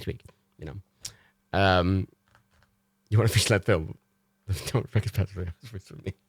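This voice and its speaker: A young man hosting a livestream, telling rambling anecdotes in casual chat, animated and full of swearing. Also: deep voice, creaky, no echo, clean studio sound. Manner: animated storytelling with swearing and quoted voices. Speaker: livestream host.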